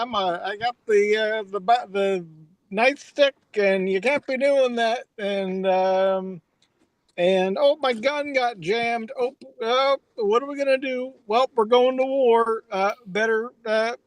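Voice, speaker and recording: A man playing a bumbling, flustered cop, halting and full of hesitations, over a video call. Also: very high-pitched, no room sound.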